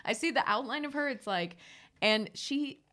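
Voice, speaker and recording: American woman, podcast co-host; animated, cussing storyteller with a higher, bright voice. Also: moderate pace. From United States. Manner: animated storyteller, swears and laughs often. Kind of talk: casual chat.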